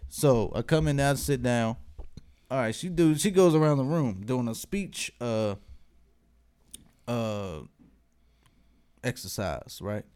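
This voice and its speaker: Animated man telling a story. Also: medium pitch, takes it slowly, long pauses, smooth. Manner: animated, swearing, breaks into laughter. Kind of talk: casual storytelling among friends.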